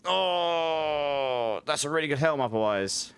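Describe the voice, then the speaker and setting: A man's voice: fairly low pitch, normal speed, fairly bright tone. Chatty man streaming a game. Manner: chatty, laughs often, hums little filler tunes. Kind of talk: casual gameplay commentary.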